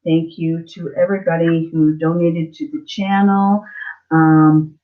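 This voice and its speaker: A woman hosting a live-stream spiritual reading as a psychic, speaking tenderly and emotionally, halting and repeating herself with many fillers. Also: low voice, flat delivery, faint music behind. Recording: slightly muffled lo-fi stream audio.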